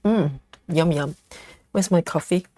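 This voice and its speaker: A woman's voice: low-pitched, measured pace, dark tone, no room sound. Chatty woman reading comments on a live stream. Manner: chatty, reads comments aloud and answers them.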